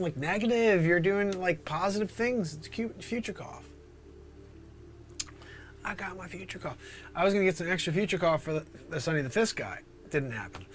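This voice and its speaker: A man answers questions from his chat on an improvised comedy livestream, delivering them animatedly as he jumps into high-pitched voices and falls to whispers.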